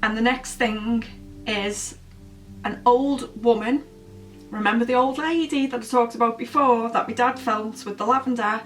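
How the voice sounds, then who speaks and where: A woman's voice: a little high, normal speed, fairly bright tone, far from the mic, faint music behind, rough recording. A woman telling a story casually while doing her makeup, rambling and chatty with many fillers. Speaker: beauty vlogger. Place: at home, indoors.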